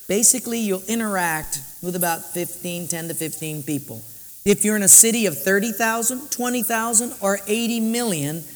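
A man preaches in a large church, his high voice carrying an animated, story-driven delivery. He acts out his own inner thoughts as he goes. The sound rings with the long reverb of a big hall. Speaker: pastor. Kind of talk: sermon with personal story.

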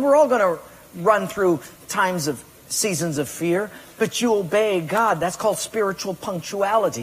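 A man preaching a sermon with emphatic delivery, acting out excuses and commands and rising to loud peaks. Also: high-pitched, husky, big-room sound. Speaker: pastor.

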